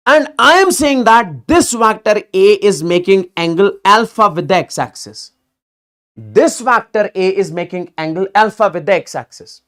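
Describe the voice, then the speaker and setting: Animated male physics teacher. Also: sits high, normal speed. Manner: animated, repeats words in bursts, checks in with students often. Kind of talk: live online exam-prep lecture.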